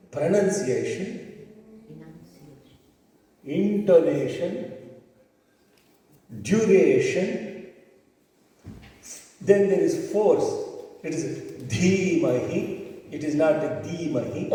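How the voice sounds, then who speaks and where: Guy teaching a class, slow and patient, mellow tone, far off in a big echoey hall. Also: fairly high pitch. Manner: patient, explains step by step, counts syllables aloud and chants. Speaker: Vedic chanting teacher. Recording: distant mic in an echoey hall.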